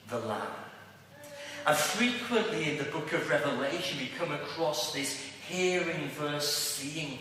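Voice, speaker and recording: A man with a Liverpool accent preaching with slow, deliberate emphasis and a bright, forceful tone. His voice rings through a large church hall with long reverb, picked up from a distance with faint room noise behind. He delivers a sermon and keeps putting rhetorical questions to the congregation. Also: mid-range voice. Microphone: distant room mic. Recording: echoey church hall from far off.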